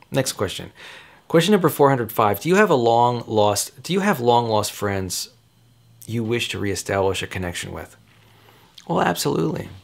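A man's voice: on the low side, gravelly. A man in his forties, a father, rambling casually to the camera with frequent chuckles and self-corrections. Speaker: father giving advice. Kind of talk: casual direct-to-camera chat.

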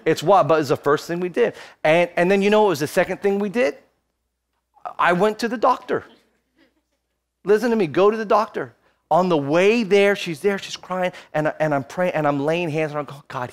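A man in his thirties preaching a sermon as pastor, telling a personal story and building to fervent exhortation. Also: fairly high pitch. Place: church, streamed online.

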